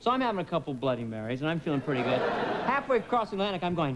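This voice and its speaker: A male comedian in his thirties telling stories as a talk show guest, jumping into quick voices as he goes. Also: high-pitched, heavy background noise. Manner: animated storyteller slipping into quick voices. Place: TV studio with audience.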